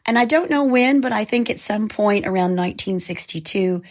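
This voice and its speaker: A woman with a hoarse voice from a cold, co-hosting and narrating a true crime podcast in a measured, scripted way. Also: medium pitch. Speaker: podcast co-host.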